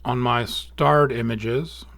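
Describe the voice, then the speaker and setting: A man hosting an astrophotography tutorial, talking casually through software steps and correcting small slips as he goes. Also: medium pitch, takes it slowly, gravelly, no room sound. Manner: relaxed, thinking aloud with small slips and self-corrections. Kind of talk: casual screen-recorded software walkthrough.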